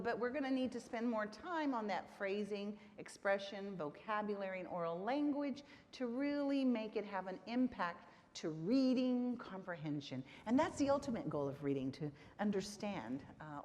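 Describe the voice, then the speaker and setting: A woman's voice: mid-range voice, highs cut off. A woman giving a conference lecture on literacy teaching, engaging the audience with frequent "right?" checks. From Texas. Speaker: conference presenter on literacy instruction. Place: conference hall. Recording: reverberant hall.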